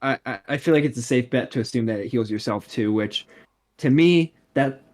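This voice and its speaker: A man's voice: medium pitch, normal speed, darkish tone. A man who is a guest on a casual gaming podcast, with a mid-range voice. He talks eagerly, filling his sentences with "like" and "you know.". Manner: filler-heavy, enthusiastic, lots of "like".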